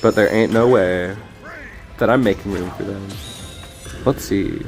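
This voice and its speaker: A man's voice: lowish voice, measured pace, soft background music. A man streaming a card game, talking through his plays in a rambling, jokey, self-deprecating way. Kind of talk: casual gameplay commentary.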